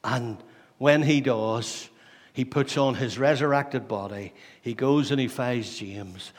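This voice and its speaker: A man preaching a sermon, asking many questions and dropping from loud to hushed. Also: medium pitch, slow pace. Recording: long hall reverb.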